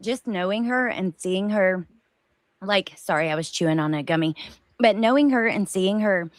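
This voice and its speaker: A female co-host with a medium-pitched, animated voice muses aloud in a casual commentary chat, loose and chatty, full of fillers and hedges. She speaks at normal speed, with no room sound.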